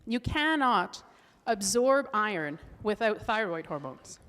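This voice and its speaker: A middle-aged woman speaks as a nutrition coach, telling her own story in a candid, earnest way and often restarting her sentences. Her voice has a typical middle pitch for a woman. A long reverb tail trails after her words, as if she is speaking in a large hall. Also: sing-song, slow pace, a bit bright. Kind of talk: personal-story presentation talk.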